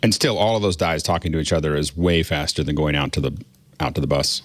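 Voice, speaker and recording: A man on a tech podcast panel, speaking in a measured, hesitant way with many fillers. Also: a bass voice, dry recording. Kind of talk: casual tech podcast discussion.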